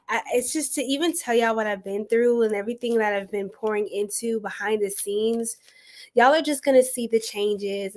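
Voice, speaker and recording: Over slight background noise, a young woman with a medium-pitched voice hosts a live tarot reading. Her live-stream chat is casual and playful, full of laughter, with viewers called "y'all" and "girl."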